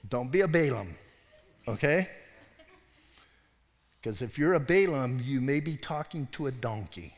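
A male pastor preaching a sermon as casual, animated storytelling full of slang and asides. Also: medium pitch, unhurried, pauses often, in a large hall.

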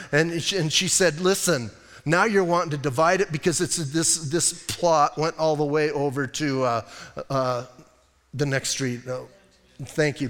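A man preaching a sermon as pastor, casual and joking, with animated delivery. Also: high voice, in a large hall. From United States. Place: church sanctuary.

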